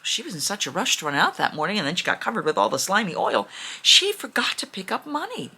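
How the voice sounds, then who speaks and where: A woman's voice: lowish voice, wildly swooping pitch, fast, bright, forceful tone, breathy edge. A young adult woman narrating an improvised fairy tale in a chatty, rambling way, with frequent restarts. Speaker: storyteller.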